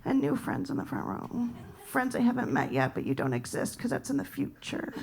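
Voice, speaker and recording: A woman's voice: on the high side, sing-song, brisk, vocal fry, a little mellow. A young American woman performing a rambling, playful stand-up set. She talks straight to the audience and drops into whispered asides. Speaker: comedian and improviser. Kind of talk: stand-up set at a live comedy night.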